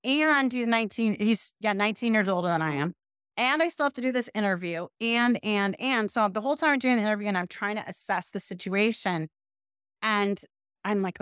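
A woman's voice: mid-range voice, moderate pace, smooth, no room sound, studio quality. Chatty middle-aged woman telling stories. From Pasadena, California. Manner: chatty, self-deprecating, animated quoted asides. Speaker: podcast guest, business owner. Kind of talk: casual interview storytelling.

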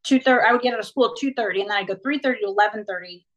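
A middle-aged woman talks as an interview guest. She tells her story casually and with animation, piling on asides and fillers. Her pitch sits in the middle range. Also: racing, low-quality recording. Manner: chatty, animated, lots of "like".

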